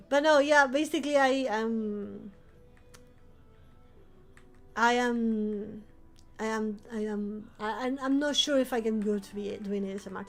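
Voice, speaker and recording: High-voiced streamer woman. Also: normal speed, fairly bright tone. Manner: rambling, chatty, with frequent laughs and restarts. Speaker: vampire-themed streamer. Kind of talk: casual live-stream chat.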